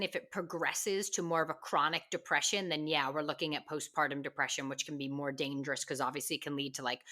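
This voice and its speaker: Low, bright-voiced woman co-host. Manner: explanatory, matter-of-fact. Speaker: medical student co-host. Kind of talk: casual chat.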